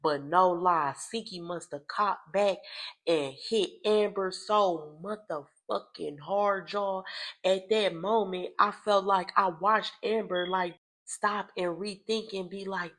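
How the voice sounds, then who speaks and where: A young adult woman recapping reality TV in casual, profane gossip with dramatic loud outbursts. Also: medium pitch, slow pace.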